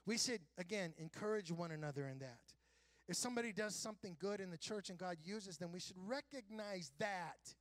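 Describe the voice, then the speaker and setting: A high-pitched male pastor delivers an earnest sermon, his voice pushing up and getting louder as he presses a point, with sarcastic asides along the way. The recording is dry and close, with no room sound around him. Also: moderate pace, dry recording. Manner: earnest preaching with self-described sarcastic humor; builds to loud, high emphatic passages.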